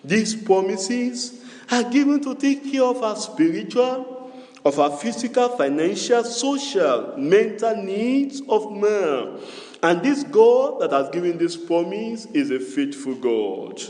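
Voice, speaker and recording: A male pastor with a high, animated voice leads an unhurried call-and-response sermon full of repetition and a sing-song cadence. The church hall echoes around him with long reverb.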